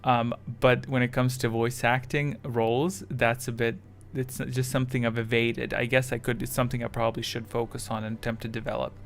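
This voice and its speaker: A man's voice: medium pitch, flat delivery, fairly quick, few pauses. A man chatting casually with his live chat as a streamer, rambling and self-deprecating, with English that is not his first language.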